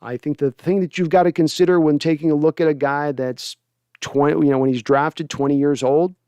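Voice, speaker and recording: A man's voice: fairly high pitch, fairly even intonation, a little fast, warm tone, clear, resonant tone, dry recording, studio quality. A man hosting a casual sports livestream, rambling through viewer comments with plenty of fillers. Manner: rambling, lots of fillers, laughs at himself. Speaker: sports show host.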